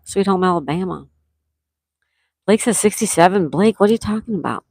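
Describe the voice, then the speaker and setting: Indoors during a thunderstorm near Fort Lauderdale, Florida, a woman runs a casual trivia stream, chattily reading out chat names and answers and dragging out the questions. Her voice is lowish with a darkish tone, and there's no room sound.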